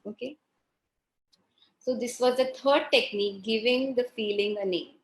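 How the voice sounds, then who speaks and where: A woman's voice: on the high side, normal speed, roomy sound, rough recording. A middle-aged woman presenting a parenting workshop, asking her audience questions and acting out what parents and children say. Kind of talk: live workshop lesson.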